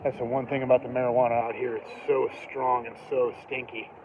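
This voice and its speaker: A man's voice: mid-range voice, little pitch movement, fairly quick. A man live-streaming from a downtown street, talking loosely and casually with lots of "like" and "dude". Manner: loose, chatty, full of "like" and "dude". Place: outdoors on a downtown street, band playing nearby. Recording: tinny phone-line sound with loud street noise.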